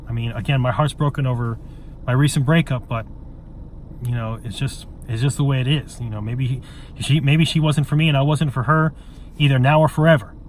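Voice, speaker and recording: A man's voice: fairly high pitch, a little hiss or hum. A man in an emotional monologue straight to camera, earnest and pleading, stumbling and repeating words and swearing bluntly. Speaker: vlogger.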